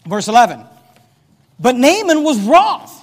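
A pastor delivers an animated sermon in a very high voice, reading scripture and playing out its characters. His words ring through a church hall with a long reverb tail. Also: a little slow. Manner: animated preaching, reads scripture aloud, acts out characters.

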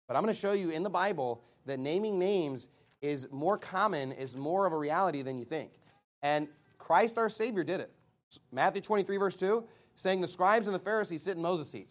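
A high-voiced man delivers a fiery sermon, reading scripture aloud, hurling rhetorical questions at the congregation, and breaking into shouted lines.

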